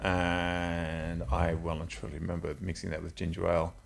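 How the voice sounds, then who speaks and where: A man's voice: low voice, monotone, normal speed, vocal fry, a little hiss or hum. A middle-aged man in casual chat as a drinks reviewer, rambling and swearing freely as he tells bawdy anecdotes.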